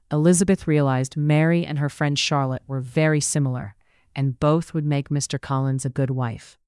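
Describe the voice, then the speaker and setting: Audiobook narrator, smooth voice, mid pitch, dry close sound. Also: darkish tone, no room sound.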